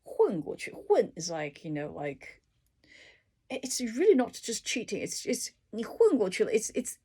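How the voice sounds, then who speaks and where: A woman reading through dictionary entries and explaining each one with everyday examples, in an unhurried, casual way. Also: medium pitch, wildly swooping pitch, slightly rough. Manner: unhurried, explaining words with examples, soft asides. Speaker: language tutor.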